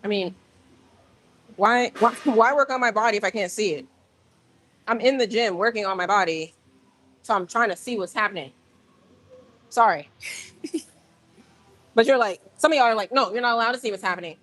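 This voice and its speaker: A woman hosting a casual livestream from a gym, talking straight to her viewers in an animated, rambling way. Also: medium pitch, moderate pace, long pauses. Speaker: livestream host. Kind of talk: casual live-stream chat.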